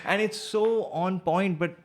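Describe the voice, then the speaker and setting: A man's voice: high-pitched, fairly even intonation, measured pace. Emphatic man with a South Mumbai accent. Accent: South Mumbai English. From South Mumbai, India. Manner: emphatic, indignant, uses bro and like. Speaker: podcast co-host. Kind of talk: casual podcast discussion.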